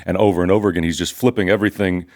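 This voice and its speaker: An older pastor teaches from scripture in an earnest, emphatic, conversational style, repeating phrases for stress. His deep voice is steady in tone, a little mellow, and rapid-fire.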